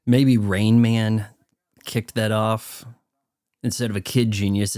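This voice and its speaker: A man's voice: fairly low pitch, level tone, slow, a little mellow, no room sound, studio quality. A man giving casual movie watch-along commentary, riffing sarcastically in a rambling way. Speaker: film commentator.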